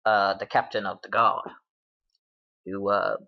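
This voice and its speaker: A British game master casually recaps his tabletop sessions, rambling with many fillers and laughs. His lowish voice moves little in pitch and stays unhurried, and the lo-fi recording sounds dull.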